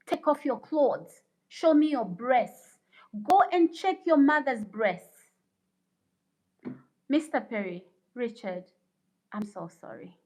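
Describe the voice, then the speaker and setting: A woman's voice: on the high side, poor audio. A woman hosting a casual livestream, reading viewer comments aloud and lecturing in an indignant, preachy way. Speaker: livestream host.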